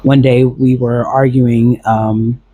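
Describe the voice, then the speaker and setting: A man's voice: mid-range voice, flat delivery, slow pace, dark tone, slightly rough, no echo, dull audio. A man recounting a past relationship in a casual, rambling storytelling monologue, full of fillers and restarts.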